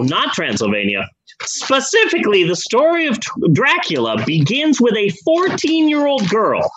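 A man's voice: high-pitched, fairly bright tone, low-quality recording. A man hosting a podcast, telling a history story in a rambling, sarcastic, casual way with the odd swear. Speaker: podcast host.

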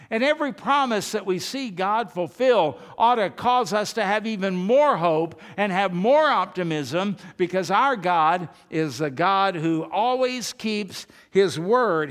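A man's voice: sits high, a bit bright. A man preaching a sermon as pastor, earnest and emphatic, repeating phrases to drive his point home. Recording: long reverb of a large hall.

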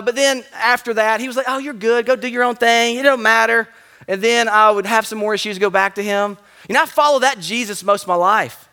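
A male pastor preaches to his congregation with a high, sharply bright voice. He is animated, rising to loud emphatic lines and then dropping almost to a whisper. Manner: animated, swings from loud to hushed. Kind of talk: sermon.

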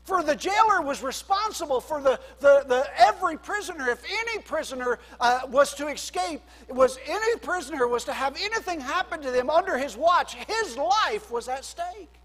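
A man preaching a sermon as pastor, swinging between loud emphasis and quiet drops. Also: extremely high pitch, expressive, normal speed, hardly any pauses, long reverb tail.

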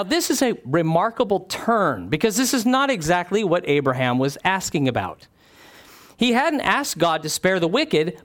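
A man preaching a sermon, reading scripture aloud and explaining it in an earnest, conversational way, often asking his listeners questions. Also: a little high.

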